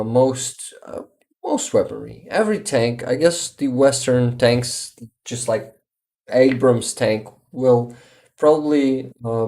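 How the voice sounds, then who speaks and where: A man with a Ukrainian accent chatting casually on a livestream, exhausted and halting, often restarting words. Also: medium pitch, gravelly, dark tone. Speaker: livestream host.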